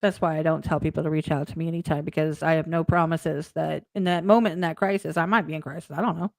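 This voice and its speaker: A woman's voice: low voice, fairly even intonation, fast talker, vocal fry, dry recording. A woman host in casual chat, chatty and encouraging, who acts out the conversations she retells. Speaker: streamer and host.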